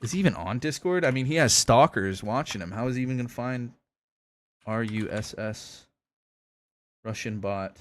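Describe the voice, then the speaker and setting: A man's voice: mid-range voice, normal speed, long pauses. Rambling, cursing young male streamer. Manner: loose, swearing, rambling with fillers. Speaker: gaming live streamer. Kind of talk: casual live stream chat.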